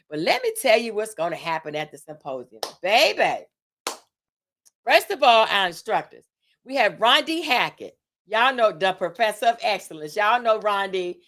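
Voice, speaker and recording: A woman's voice: medium pitch, a bit bright. A woman from Tampa, Florida, hosting a casual livestream, chatting to her audience, reading out event details with fillers and self-corrections, and hyping the crowd with call-and-response. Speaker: host and event organizer.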